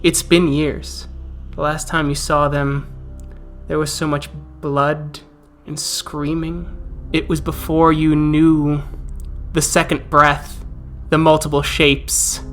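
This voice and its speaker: A man narrating a tabletop role-playing game as game master, setting scenes in a calm, descriptive way. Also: on the high side, takes it slowly, soft background music.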